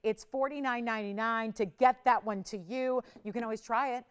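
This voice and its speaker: A woman with a smooth, clear voice sitting a little high hosts a live television shopping show. She pushes urgent countdown offers, then drops into chatty, confiding asides. The sound is studio-recorded. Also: steady tone, fairly quick. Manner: urgent, pushy countdown pitching. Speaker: shopping channel host. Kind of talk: live TV sales pitch.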